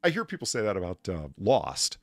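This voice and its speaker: Low gravelly man, animated profane ranter, dry mic. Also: a little fast, no room sound. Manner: ranting, profane, rambling with restarts. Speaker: podcast co-host. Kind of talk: casual chat.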